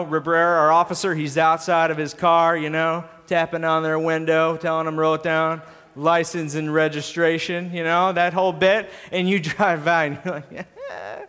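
A man's voice: on the high side, fairly even intonation, moderate pace, few pauses, fairly bright tone. A man preaching a sermon as pastor, joking casually and calling on the congregation to finish his lines. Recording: reverberant church hall.

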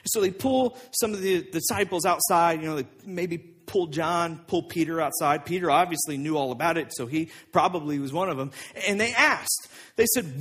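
A man preaching a sermon as pastor, telling the story with lively acted-out voices. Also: a little high, normal speed, husky. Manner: animated storytelling, acting out voices of people in the story.

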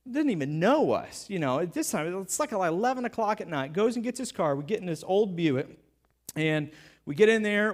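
A male pastor with a fairly high voice delivers a sermon like he's telling a story to friends. He talks casually, piles on filler words and breaks into playful sarcasm.

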